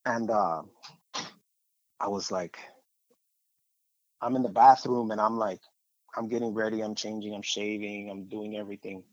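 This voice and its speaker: A man's voice: lowish voice, steady tone, moderate pace, long pauses, dry recording, dull audio. A man sharing a personal faith testimony in a conversational, rambling way, with fillers and repeated phrases.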